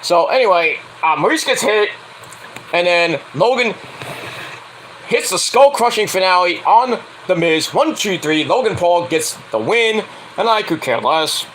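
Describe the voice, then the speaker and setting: A man recaps wrestling matches in a casual, profane way, mocking the people he talks about and acting out their lines. His voice sits high and bright, and his pitch leaps around as he talks. A faint hiss of room noise runs behind him. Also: animated, a little slow, rough recording. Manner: blunt and profane, acts out quotes in mocking voices. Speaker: wrestling show reviewer.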